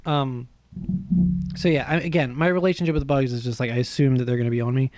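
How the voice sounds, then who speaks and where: A man streaming a game, telling a story in a casual, animated, self-mocking way with swearing. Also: medium pitch, fast talker, no room sound, soft background music.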